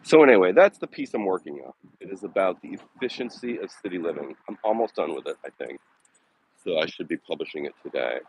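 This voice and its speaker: A man's voice: low voice, expressive, quick pace, slight background noise. A man live-streaming while walking his dogs outdoors, talking casually and bluntly, with sarcasm and frequent swearing. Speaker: vlogger live-streaming a dog walk. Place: outdoors on a city walking path.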